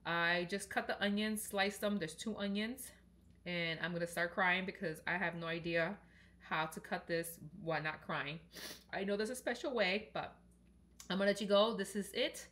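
A woman vlogger chatting to her viewers while cooking, warm and encouraging, recorded without a mic in a home kitchen. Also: fairly low pitch, normal speed. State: sick, under the weather. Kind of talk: casual chat while cooking. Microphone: no mic, camera's built-in mic.

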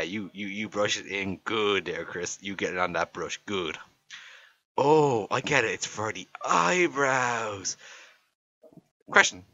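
A man's voice: fairly low pitch, sharp tone, dull audio. A young Irish man giving joking voiceover commentary on a makeup video, teasing and mock-exasperated. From Ireland.

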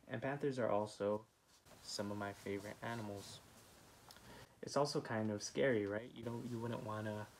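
Gentle low-voiced man teaching art. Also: a little hiss or hum. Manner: gentle, encouraging, many "um" fillers. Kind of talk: children's art lesson.

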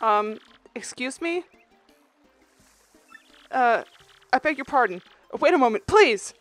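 A woman's voice: a little high, lively intonation, slow, a bit bright, dry recording, soft background music. A woman voicing a stammering, shy young turtle boy. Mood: nervous. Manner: hesitant, stammering, apologetic.

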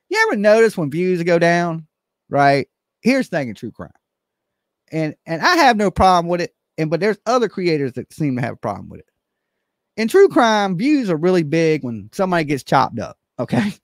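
Animated, high-pitched man livestreaming. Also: no echo, studio quality. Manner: animated, joking, rambling, swears casually, calls himself by name. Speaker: livestream host. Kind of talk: casual livestream chat.

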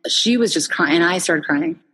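Husky-voiced woman telling animated stories. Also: fairly low pitch, moderate pace, big-room sound. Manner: animated storyteller, many restarts and fillers. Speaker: founder and interview guest. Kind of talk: casual conversational interview.

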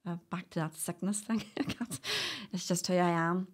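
A lowish, sing-song voice with a breathy edge comes from a middle-aged woman with a Northern Irish accent, speaking unhurriedly. She's a doula guesting on a casual podcast, chatty and storytelling, laughing often.

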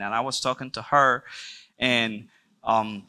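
A man speaking to a church group with a bright, forceful voice. He is earnest and talks straight to the people in the room, asking questions and sharing his own story. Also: medium pitch, level tone, moderate pace, clean tone. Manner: engages the audience with questions and jokes. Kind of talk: personal testimony talk to a group.

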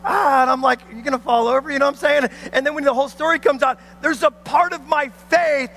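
A man's voice: very high voice, steady tone, fast talker, pushed and bright, poor audio. A male pastor preaching a sermon in an emphatic, repetitive way, calling on the congregation to answer back.

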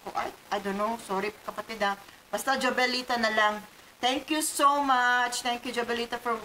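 A woman with a Filipino accent from the Philippines, reading out casual shout-outs in a vlog, chatty and hesitant with many fillers. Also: on the high side, echoey room, slight background noise, low-quality recording. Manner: chatty, hesitant, fillers and Tagalog code-switching. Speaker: vlogger.

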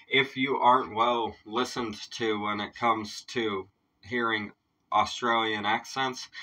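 A man's voice: on the low side, bright, forceful tone, recorded from a distance, poor audio. A man hosting a reaction video, talking in a laid-back, chatty way and swearing casually.

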